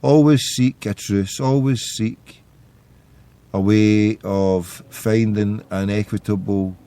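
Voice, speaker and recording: A man's voice: lowish voice, fairly even intonation, slow, warm tone. A man, hosting a podcast and telling stories in a loose, rambling monologue. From Scotland. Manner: rambling storytelling. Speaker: podcast host. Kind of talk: casual monologue.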